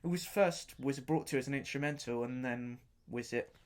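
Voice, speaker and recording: A man's voice: mid-range voice, normal speed. A man hosting his own podcast and reviewing an album in casual unscripted talk. He rambles enthusiastically, often repeating himself and stopping to search for words.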